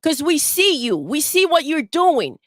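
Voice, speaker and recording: A woman's voice: high voice, sing-song, measured pace, no room sound, studio quality. A woman co-hosting a gaming livestream, ranting in a heated, profane way. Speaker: co-host. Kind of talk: casual livestream rant.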